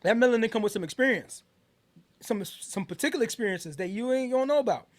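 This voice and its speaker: A man's voice: very high voice, expressive, fast talker. A middle-aged American man hosting a casual album review podcast, talking in a loose, rambling way with many fillers and restarts. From United States. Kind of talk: casual music review talk.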